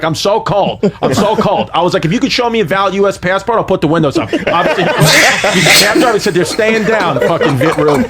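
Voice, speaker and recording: A man tells a profane comedic story on a podcast. His voice sits a little high, and he acts out every line he quotes with animated energy. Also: slight background noise.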